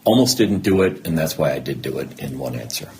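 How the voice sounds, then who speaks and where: A middle-aged man appears as a podcast guest in a candid personal interview, talking openly about his life. He's an animated storyteller who acts out conversations he remembers, in a bass voice at a fairly quick pace.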